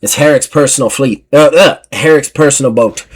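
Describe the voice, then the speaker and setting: A man narrating a tabletop game as game master, animated and quick to laugh. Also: medium pitch, husky.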